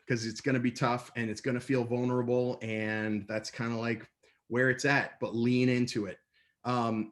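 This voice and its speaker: A man speaking over a video call from home, upbeat and playful as he presents to an online audience. He tells stories and slips into quick voices when he quotes people, at a middling pitch. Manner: lively, playful storyteller with quick put-on voices for others. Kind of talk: energetic online talk. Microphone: computer mic on a video call.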